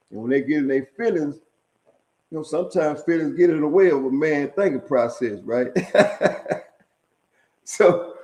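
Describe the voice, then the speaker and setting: Middle-aged guy telling prison stories, dark mellow voice, cussing, laid back, chuckles now n then. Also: medium pitch, rough recording. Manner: streetwise and profane, with constant fillers like "man" and "right?"; chuckles at his own stories. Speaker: storyteller sharing prison stories. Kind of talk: casual storytelling monologue.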